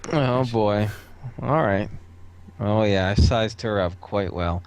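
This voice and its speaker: A man's voice: on the low side, takes it slowly, a little mellow, smooth. A man talking as a player in a tabletop game, upbeat and chatty. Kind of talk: casual tabletop game talk.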